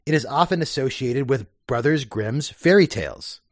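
A man's voice: mid-range voice, lively intonation, normal speed, no room sound. A man co-hosting a podcast in casual chat, asking wry, dry-humored questions. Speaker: podcast co-host.

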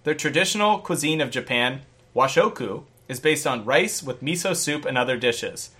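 A man hosting a casual podcast, briskly reading a listener's note aloud in a playful way. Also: medium pitch, lively intonation, a bit bright, slightly rough. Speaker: podcast host.

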